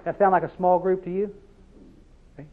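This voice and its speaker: Male preacher, high-pitched, tinny lo-fi recording; folksy sermon full of rhetorical questions. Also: level tone, normal speed. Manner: drives points home with repeated "See?" questions; storytelling, conversational.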